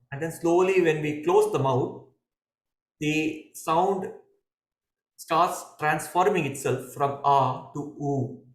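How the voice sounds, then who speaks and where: A man, a yoga teacher, giving calm, measured explanations in a podcast conversation, pausing and restarting now and then. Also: a little high. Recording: echoey room.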